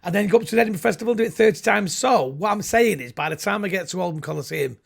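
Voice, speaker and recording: Middle-aged male comedian, gravelly and husky, loose rambling storyteller. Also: sits high, animated, very fast. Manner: rambling, jokey storytelling with comic voices. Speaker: comedian guest. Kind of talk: casual chat.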